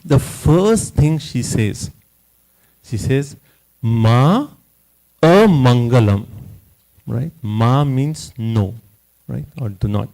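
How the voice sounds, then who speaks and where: A man giving a scripture class at a temple, telling the story in an animated way and often checking in with "you know" and "right?". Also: medium pitch, slow pace, vocal fry, rough recording.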